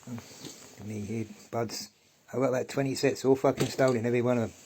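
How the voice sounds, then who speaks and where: A man's voice: mid-range voice, steady tone, brisk, noisy background. A middle-aged man from England, talking to camera in a loose, rambling, profane monologue. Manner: profane, ranting, loose and wandering. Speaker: vlogger.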